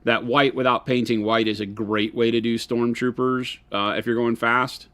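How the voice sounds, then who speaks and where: A man's voice: mid-range voice, little pitch movement, moderate pace, a bit bright, smooth. A man co-hosting a live miniature-painting stream, rambling and joking in casual chat.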